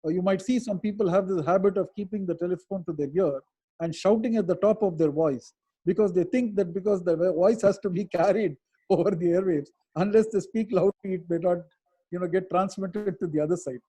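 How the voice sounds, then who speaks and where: A man's voice: sits high, mellow, husky. A man, an advocate answering webinar questions in a thoughtful, explanatory way over a video call. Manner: thoughtful, explanatory, with hesitant pauses.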